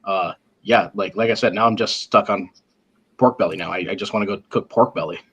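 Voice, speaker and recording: A man's voice: lowish voice, fairly even intonation, a little fast, fairly bright tone, breathy edge. Joking, rambling married man. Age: adult, married. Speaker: panelist tasting rubs. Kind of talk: casual podcast chat.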